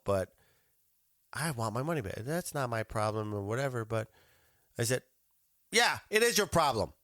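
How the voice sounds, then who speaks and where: Profane, animated man ranting on a podcast. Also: lowish voice, no room sound, clean studio sound. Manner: profane, animated and exasperated, acts out both sides of phone calls. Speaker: podcast host. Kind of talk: casual storytelling rant.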